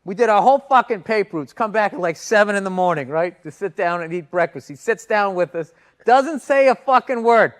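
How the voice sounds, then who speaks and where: A man's voice: sits high, expressive, a little fast, fairly bright tone. A man co-hosting a podcast, swearing freely and breaking into laughter as he tells a long family story. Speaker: podcast co-host. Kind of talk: casual chat.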